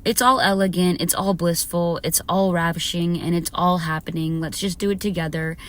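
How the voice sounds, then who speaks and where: A woman's voice: lowish voice, fairly even intonation, normal speed, a bit bright. A young woman talking casually to her viewers as a spiritual YouTuber, laughing often and swearing freely. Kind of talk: casual talk to camera.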